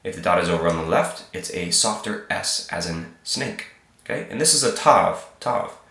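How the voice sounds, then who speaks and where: Deep-voiced man teaching with a cold. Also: animated, moderate pace, pushed and bright, echoey room. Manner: patient, repeats each sound, frequent "okay?" check-ins. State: sick, slightly hoarse. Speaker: Hebrew teacher. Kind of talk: informal alphabet lesson.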